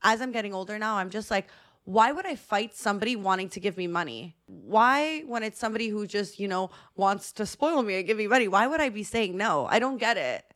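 A young woman on a podcast, chatting casually and telling stories with lots of animation. She acts out the voices of the people in them, and her voice sits at a middle pitch. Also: fairly quick. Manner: animated storytelling, acting out quoted voices. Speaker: podcast co-host. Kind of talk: casual chat.

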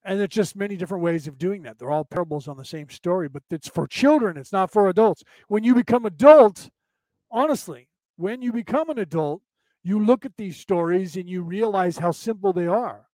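A man's voice: high-pitched, a little fast, mellow, dry recording. A man hosting a casual spiritual talk show, rambling, repeating himself and often asking "right?" as he reads comments from his listeners. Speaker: podcast host.

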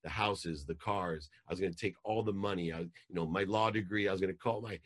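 A man with a very low voice tells a deeply personal story as a podcast guest. His delivery is emotional, swinging into animated outbursts as he relives key moments. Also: brisk.

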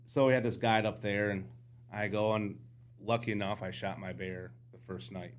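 Guesting on a podcast, this man recounts hunting adventures in a casual, storytelling mode, acting out every exchange. His voice is lowish and his pace moderate.

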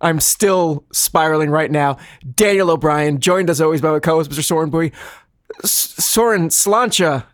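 A man's voice: a little high, steady tone, fairly quick, no echo, studio quality. A man co-hosting a comedy podcast in casual chat, rambling and self-deprecating, with many restarts. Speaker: podcast co-host.

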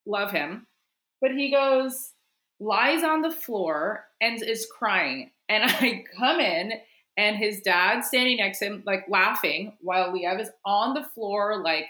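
Bright, lively woman in a roomy echo. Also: medium pitch, takes it slowly. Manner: lively, expressive, laughs often. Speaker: podcast guest. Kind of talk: casual chat.

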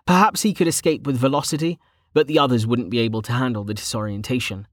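Man, audiobook narrator, steady measured reading, mid-pitched voice, dry close mic. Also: no echo.

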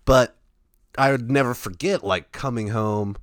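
A man's voice: mid-range voice, measured pace, no echo, studio quality. A man in his twenties, chatting casually and rambling with lots of filler words. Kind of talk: casual chat.

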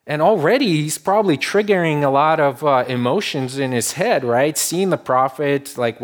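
A male pastor delivers a sermon in an easy, conversational teaching manner, mid-pitched. He leans on rhetorical questions and sinks to a hushed, low voice when quoting.

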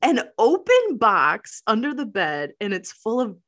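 A woman's voice: a little high, wildly swooping pitch, a little slow, a bit bright. A woman co-hosting a casual chat show, recapping a film, laughing often and acting out the characters' lines. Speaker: podcast co-host.

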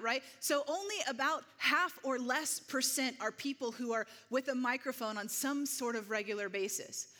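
A woman's voice: sits high, sharp tone. A woman preaching a conversational sermon to a congregation, often checking in with "right?". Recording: long hall reverb.

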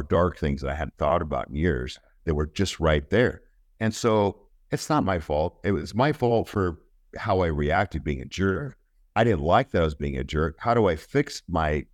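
A man with an extremely low, deep voice speaks as an interview guest, recounting something personal in an earnest way. He often stops and starts over mid-sentence. The sound is dry and close, with no room echo. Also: expressive. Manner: earnest, halting, with many restarts. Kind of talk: personal storytelling in conversation.

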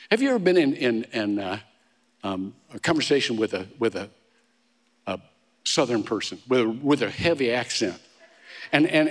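Male pastor preaching in a church sanctuary, relaxed and anecdotal, repeats and restarts words, with a long reverb tail. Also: a little high. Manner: conversational storytelling with frequent restarts and humorous asides. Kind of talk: sermon. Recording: long reverb of a large hall.

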